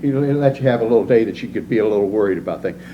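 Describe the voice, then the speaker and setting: A man's voice: lowish voice, racing. A man preaching a folksy, plainspoken sermon with jokes in a church. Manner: joking, animated, plainspoken. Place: church sanctuary. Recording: dull lo-fi sound with loud noise.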